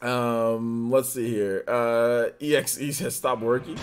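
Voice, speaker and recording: A man's voice: mid-range voice, fairly even intonation, slow, few pauses, soft background music. A man hosting a casual live stream, greeting viewers by name and teasing the chat in slangy, laid-back talk. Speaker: livestream host.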